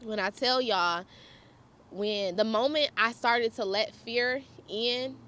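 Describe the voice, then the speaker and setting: A woman's voice: on the high side, slow, fairly bright tone. A young woman vlogger telling a personal story in a casual, chatty way, laughing often and talking straight to her viewers.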